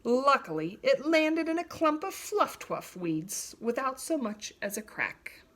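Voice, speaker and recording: A woman reads a children's story aloud with a bright, higher voice. Her pitch rises and falls in lively swoops as she narrates. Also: a little slow. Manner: expressive, animated read-aloud.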